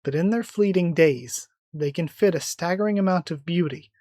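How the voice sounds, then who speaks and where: A reader voicing an ancient male time magic who speaks calmly and solemnly, read aloud plainly from a comic in a dry, close recording. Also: medium pitch, moderate pace, dry recording, close to an everyday voice.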